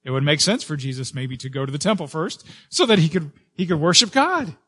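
Male pastor, slightly high voice, earnest sermon delivery, lots of "um"s, punches key words. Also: lively intonation, a bit bright, slightly rough. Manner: earnest preaching with frequent "um" fillers and restarts; rising emphasis on key words, slowing for stress.

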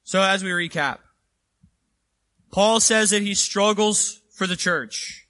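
Delivering a church sermon at a slow pace, this man has a bright, forceful voice that sits high, recorded without room sound. His style is conversational and emphatic, and he keeps checking in with the congregation, asking "right?"

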